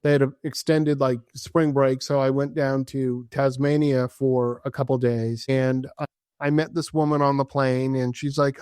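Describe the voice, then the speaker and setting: A man's voice: medium pitch, little pitch movement, normal speed, a little mellow, clean tone, dry recording, clean studio sound. A man as a podcast guest, telling travel stories with enthusiasm and acting out the dialogue. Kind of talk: casual storytelling in an interview.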